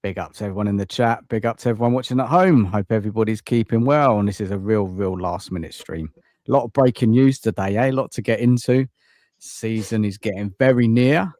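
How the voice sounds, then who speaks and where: A man's voice: lowish voice, a little fast, a little mellow, dry recording, studio quality. A man hosting a live stream, laid-back and friendly. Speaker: host.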